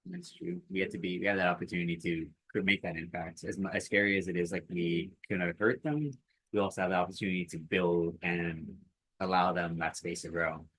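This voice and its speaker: A man hosting a casual podcast, speaking in a calm, earnest way as he wraps up the episode. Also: sits low, fairly quick, husky, no echo, poor audio. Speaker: podcast host.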